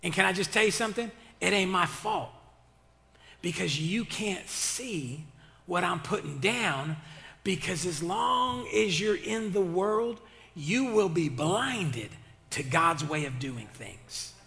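A man's voice: sits high, lively intonation, slow, gravelly, bright, forceful tone. A male pastor preaching an impassioned sermon with casual, slangy talk and call-and-response to his church. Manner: colloquial, slangy. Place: church sanctuary. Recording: reverberant hall.

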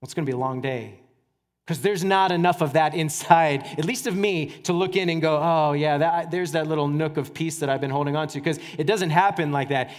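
A man pastor preaching a sermon in a conversational, animated way, with casual asides. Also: sits high. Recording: church hall reverb.

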